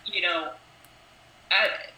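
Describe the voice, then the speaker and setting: A young woman with a bright voice rambles through her thoughts with lots of fillers. The room echoes, and a faint hiss sits under her voice. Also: fairly low pitch, fairly even intonation, extremely slow. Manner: rambling, thinks aloud with many fillers. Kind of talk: casual chat.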